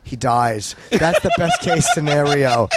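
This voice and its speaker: A man guesting on a podcast as a stand-up comedian, talking in a dry, measured, profane way. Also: a little high, expressive, noisy background. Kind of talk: casual podcast chat. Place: home podcast room.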